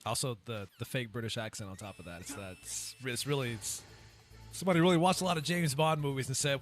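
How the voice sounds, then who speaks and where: Bright-voiced man joking over a game. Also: medium pitch, fairly quick, faint music behind. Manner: joking, rambling asides. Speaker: streamer. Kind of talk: casual live game commentary.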